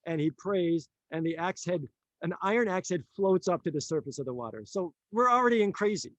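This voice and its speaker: Animated man telling a story, dry sound. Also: high-pitched, fairly quick, dry recording. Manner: animated storyteller, acts out characters' lines, laughs often. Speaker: author and teacher. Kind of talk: casual conversation, storytelling.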